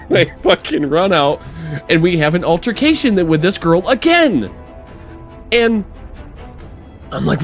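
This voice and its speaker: A young man co-hosting a podcast, telling stories in a casual, animated way, swearing and acting out the people he quotes. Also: high-pitched, unhurried, long pauses, faint music behind. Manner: animated, swearing storyteller who acts out quotes loudly. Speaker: podcast co-host. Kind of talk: casual storytelling chat.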